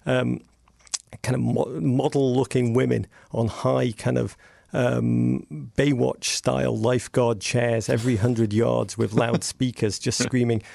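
A man talks as a podcast guest, spinning wry, meandering anecdotes with sarcastic asides. His voice sits mid-range and is thick with gravelly fry. The sound is close and dry. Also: mid-range voice, flat delivery, measured pace, dark tone, dry recording. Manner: witty, digressive storytelling with sarcastic asides. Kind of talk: casual podcast conversation.

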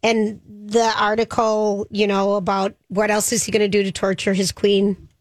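A woman with a Minnesota accent co-hosting a casual radio show, chatty and quick to laugh. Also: mid-range voice, no echo. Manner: chatty, laughs easily, excitable. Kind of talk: casual morning radio chat.

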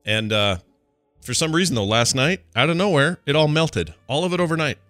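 Male podcast co-host, bright voice, lively swings, dry close mic. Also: a little high, a little fast, no room sound, soft background music. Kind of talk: casual chat.

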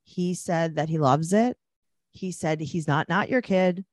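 A woman co-hosting a casual podcast, recapping a reality show with sarcastic, animated retellings. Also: lowish voice, measured pace, no room sound, clean studio sound. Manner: animated, sarcastic, acts out quotes. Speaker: podcast co-host.

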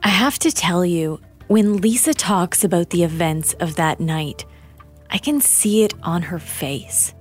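A woman narrating a true-crime story in a measured, grave way. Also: fairly low pitch, expressive, breathy edge, faint music behind. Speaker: documentary narrator and interviewer.

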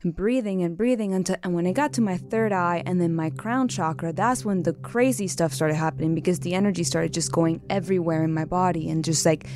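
A woman guest coaching on intimacy, telling her story in an earnest, expressive way. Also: lowish voice, fairly quick, few pauses. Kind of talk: casual interview chat.

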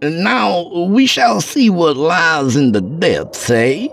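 A man voicing an excitable male occult scholar, stammering and declaiming theatrically. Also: a little high, takes it slowly, creaky, slight background noise, voice pushed up, full character voice. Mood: eager.

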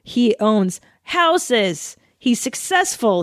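A woman's voice: on the low side, moderate pace, a little mellow, dry recording, clean studio sound. A woman from the Los Angeles area, hosting a casual solo podcast and reading aloud with giggly, self-conscious, mock-dramatic delivery. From Los Angeles area, USA. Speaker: podcast host.

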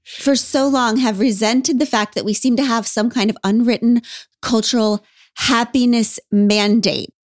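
A woman's voice: fairly high pitch, steady tone, measured pace, no room sound, studio quality. A woman hosting a podcast in casual chat, wry and emphatic, laughing often. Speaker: podcast host.

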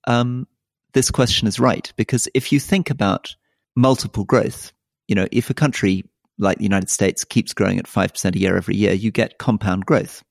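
A middle-aged man co-hosting a political podcast, explaining his views thoughtfully and at length, with soft asides. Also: fairly low pitch, steady tone, moderate pace, vocal fry, no echo, studio quality. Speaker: podcast co-host.

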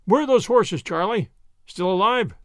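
A man's voice: high-pitched, animated, moderate pace, no echo, studio quality. A man voicing a grim, urgent rescuer in a storybook reading.

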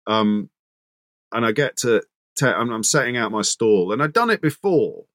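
A radio presenter telling stories as an interview guest, animated and anecdotal, with frequent restarts. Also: male voice, medium pitch, moderate pace, dry recording, clean studio sound. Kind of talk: casual interview storytelling.

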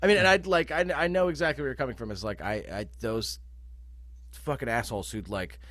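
Casting: male musician guest, animated, swears freely, easygoing video-call chat. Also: medium pitch, fast, no echo. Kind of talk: casual podcast chat.

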